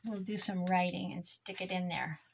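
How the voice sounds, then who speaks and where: A woman's voice: lowish voice, steady tone, moderate pace, vocal fry, slight background noise. A tired woman chatting casually to herself and her viewers while crafting at home, muttering and joking at her own expense. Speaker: crafting vlogger.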